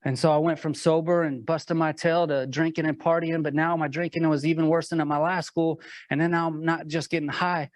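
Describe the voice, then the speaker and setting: A man speaking as a motivational speaker, his voice sitting a little high but held fairly level in pitch. He tells his story earnestly and drives it forward with rhetorical questions. The sound is dry, with little room around it. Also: flat delivery, fairly quick, few pauses, no echo. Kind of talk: personal story told to a live audience.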